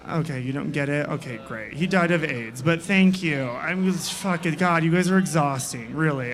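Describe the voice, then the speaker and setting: Young male comic, fairly high voice, crude sarcastic stand-up, ribs the crowd. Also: normal speed, few pauses, fairly bright tone, faint music behind. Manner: crude, sarcastic, teasing the audience. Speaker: comedian and host. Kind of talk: live stand-up comedy. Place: bar stage, live show.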